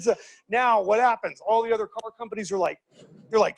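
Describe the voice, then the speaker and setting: A man giving a lively seminar talk, questioning the audience and acting out quoted voices. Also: high-pitched, a little fast. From United States. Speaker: speaker teaching leadership.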